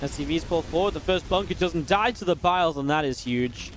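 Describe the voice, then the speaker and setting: Excitable man casting a strategy game. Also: fairly high pitch, a little hiss or hum. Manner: quick, excitable play-by-play with filler restarts. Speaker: esports caster. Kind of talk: live game commentary.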